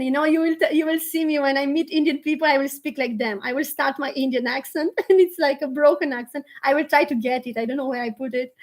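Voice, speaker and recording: A woman whose first language is Romanian, a spiritual teacher guiding a group prayer on a livestream, chatty and gentle, laughing often. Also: high-pitched.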